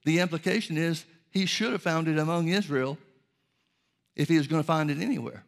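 A man preaching a sermon in a measured way, reading scripture aloud and explaining it. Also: fairly high pitch, vocal fry.

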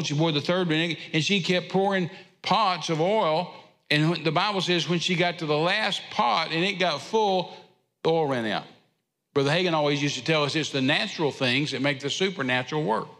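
A man's voice: on the high side, fairly bright tone, big-room sound. A man preaching a sermon, retelling scripture with an emphatic, repetitive cadence. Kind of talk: sermon storytelling. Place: church sanctuary.

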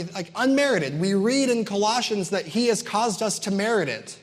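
A man's voice: sits high, lively intonation, normal speed, few pauses. A man preaching a sermon, emphatic and building his points through repetition, with casual asides to the congregation. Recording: long hall reverb.

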